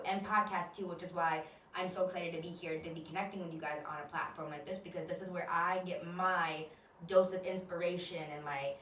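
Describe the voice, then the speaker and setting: A woman in her twenties hosts a podcast and tells her own stories in an open, animated way, swearing without a second thought. Her voice sits on the low side. She sounds a little distant from the mic, in an echoey room with faint noise behind her. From United States. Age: 20s. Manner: candid, animated, swears casually. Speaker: podcast host. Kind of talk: casual storytelling monologue.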